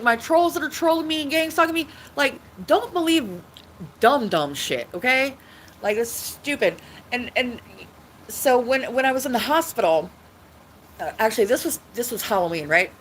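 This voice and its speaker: A woman's voice: fairly high pitch, a little hiss or hum, low-quality recording. A woman talking casually on her own livestream, rambling with many restarts and frequent swearing. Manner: rambling, repetitive, swearing often. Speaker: livestream host.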